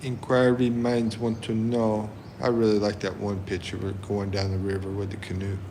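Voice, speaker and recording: A man hosting a livestream, reading chat comments aloud and chuckling often in a relaxed way. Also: fairly low pitch, normal speed, noisy background. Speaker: livestream host.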